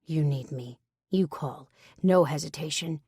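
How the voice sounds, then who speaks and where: A woman narrator voicing a protective, teasing grown man in an audiobook, speaking low and quietly insistent. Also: a little slow, slightly rough, no echo, clean studio sound.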